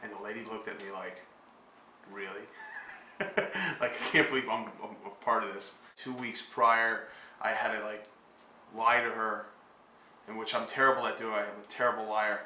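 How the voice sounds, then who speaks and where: A man's voice: on the low side, level tone, moderate pace, bright, forceful tone, a little hiss or hum. A man telling a story in a hesitant, self-deprecating way. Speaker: interviewee. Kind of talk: casual storytelling. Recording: roomy and distant from the mic.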